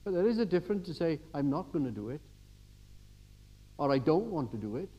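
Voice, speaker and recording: An older man giving a church sermon, telling everyday stories and swinging from quiet asides to emphatic exhortation. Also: on the high side, very animated, brisk, husky, dull audio. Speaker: preacher.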